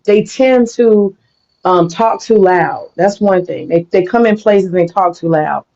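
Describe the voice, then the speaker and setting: A former teacher telling stories in a casual livestream chat, mimicking loud voices as he or she goes. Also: mid-range voice, unhurried. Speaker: guest on live panel. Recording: dull lo-fi stream audio.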